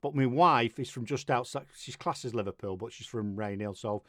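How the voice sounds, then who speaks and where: A man's voice: mid-range voice, moderate pace, a bit bright, dry recording, clean studio sound. A middle-aged man from Manchester with a Mancunian accent, hosting a casual radio interview in a jokey, rambling way. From Manchester, England. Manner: chatty, jokey, rambling with restarts. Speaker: radio show host.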